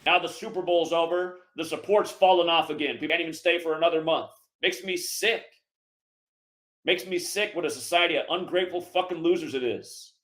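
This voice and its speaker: A man hosting a call-in show launches into a furious, profane rant, cursing at and insulting his listeners. His voice is a little high and a bit bright, and he talks slightly fast.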